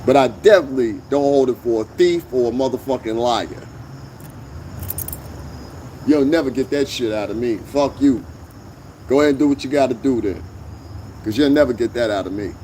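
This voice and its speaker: A man's voice: mid-range voice, moderate pace, long pauses, warm tone, a little hiss or hum. A man hosting a commentary vlog, ranting bluntly with heavy profanity and emphatic jabs. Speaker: vlog host. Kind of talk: opinionated commentary rant.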